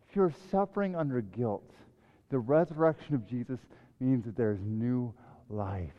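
A man preaching a sermon in a church, swelling loud and high on scripture and dropping low and soft to reflect. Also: normal speed. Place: church sanctuary. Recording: echoey hall, dull sound.

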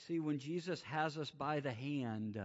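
A man preaching a sermon, swinging from loud, rising exclamations to quiet, hushed emphasis. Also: on the high side, measured pace. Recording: muffled lo-fi sound.

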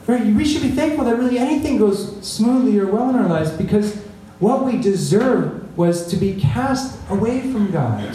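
A man with a warm voice that sits high preaches in a conversational way, often checking in with the congregation via "right?" He sounds distant in an echoey room, with slight background noise.

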